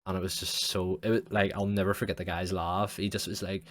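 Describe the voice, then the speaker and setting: A young man with a deep voice rambles through a story on his podcast. He swears freely and fills nearly every pause with "like". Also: level tone, a bit bright, no echo. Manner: rambling, sweary, heavy use of "like". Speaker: podcast host. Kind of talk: casual storytelling monologue.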